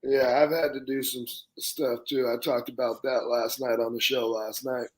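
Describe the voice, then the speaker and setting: A man's voice: medium pitch, level tone, normal speed. A man in his fifties hosting a casual chat show, blunt and opinionated in a plain-spoken way. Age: 50s. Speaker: podcast host.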